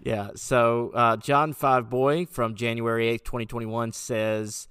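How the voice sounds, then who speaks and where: A male podcast host in easygoing chat, relaxed and quick to laugh. His voice sits at an ordinary male pitch. The sound is dry and close-miked. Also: clear, resonant tone, no room sound.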